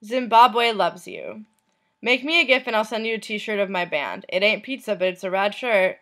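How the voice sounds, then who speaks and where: A woman vlogger reading messages aloud, in a soft, unhurried voice that trails off at the end of lines. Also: mid-range voice.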